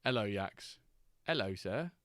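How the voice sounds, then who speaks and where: A man's voice: fairly low pitch, animated, a little slow, a bit bright, no room sound, studio quality. A man hosting a live stream, chatting casually and joking as he reacts to chat and the games.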